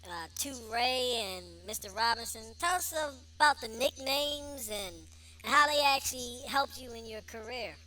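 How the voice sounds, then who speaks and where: A woman hosting and interviewing at a live event, energetic and rallying the crowd. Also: a little high, measured pace. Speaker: interviewer and show host.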